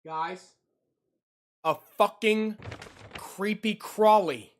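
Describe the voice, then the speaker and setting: Young male streamer, slow unhurried talker, jumpy and easily spooked, reacting live from his home computer setup. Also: high voice. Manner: jumpy, easily startled, yelps and shrieks.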